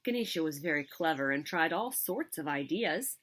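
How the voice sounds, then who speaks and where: A woman reading a picture book aloud to children in an expressive, animated way. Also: sits low, normal speed, few pauses. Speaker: story reader.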